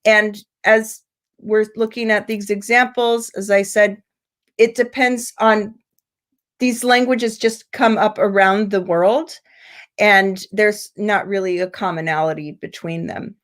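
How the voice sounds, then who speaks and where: American woman giving an online english lesson, slow careful talk, stretches example words. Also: mid-range voice, fairly even intonation, fairly bright tone. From United States. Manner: slow, deliberate explaining with drawn-out example words. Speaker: English pronunciation teacher. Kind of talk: online seminar lecture. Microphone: video call.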